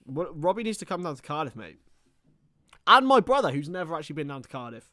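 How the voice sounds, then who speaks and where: Young male watchalong host, lively pitch, dry close mic, teasing banter. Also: quick pace, no room sound. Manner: banterful, teasing, explains league rules. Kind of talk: casual live chat.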